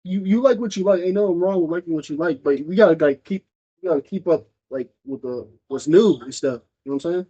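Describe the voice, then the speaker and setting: A man's voice: on the high side, fast, warm tone, slightly rough. A young man co-hosting a casual podcast, joking and slangy. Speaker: podcast co-host. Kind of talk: casual chat. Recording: dull lo-fi sound.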